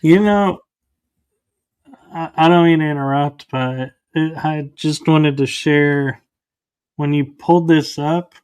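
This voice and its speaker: A man hosting a podcast, speaking in a measured, thoughtful way. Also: a little high, darkish tone, smooth, no room sound. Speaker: podcast host. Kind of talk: casual podcast chat.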